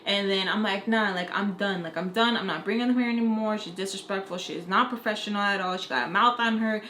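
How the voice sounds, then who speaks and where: A woman's voice: medium pitch, fairly bright tone. A young woman vlogger telling a heated story in casual chat, acting out quotes and swearing freely. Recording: roomy echo, faint background noise.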